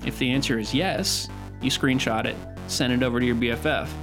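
A man's voice: mid-range voice, brisk. Male podcast co-host, loose and profane, joking banter, faint music underneath.

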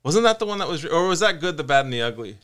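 Bright-toned easygoing man. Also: a little high, big pitch swings, clean tone. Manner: quick agreeing interjections, easygoing. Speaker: podcast co-host. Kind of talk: casual chat.

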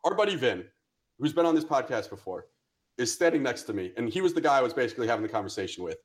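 A young man co-hosting a podcast, telling a story in casual chat with animated, profane energy. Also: mid-range voice, fast talker. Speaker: podcast co-host.

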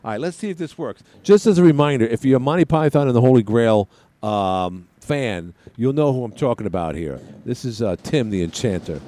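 A man's voice: mid-range voice, lively intonation, moderate pace, mellow, faint music behind. A man hosting a call-in radio show, chatting in a rambling, joking way with plenty of side tangents. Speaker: radio talk show host. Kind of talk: call-in talk radio chat.

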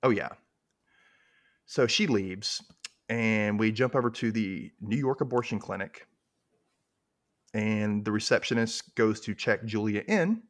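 A man's voice: lowish voice, measured pace, long pauses. A man hosting a podcast, casually retelling a TV episode in a chatty way. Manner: chatty retelling, full of "like" and "you know". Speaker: podcast host recapping a TV episode. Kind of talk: casual chat.

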